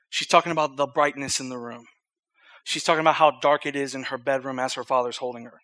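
A man preaching an evening sermon, telling a story in an earnest, conversational way and reading scripture aloud with loud emphasis. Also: mid-range voice, steady tone, quick pace.

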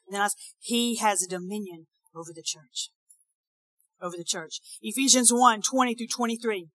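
A woman preaching a sermon, swinging between shouted declarations and soft conversational asides. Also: medium pitch, normal speed, no echo. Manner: acts out quoted voices with laughs.

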